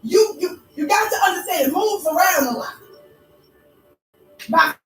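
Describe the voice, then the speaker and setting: A woman's voice: very high-pitched, lively intonation, a little slow, a bit bright, far from the mic. A woman vlogger telling a mocking story in an emphatic, preacher-like way, recorded in an echoey room away from the mic with faint music. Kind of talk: storytelling commentary.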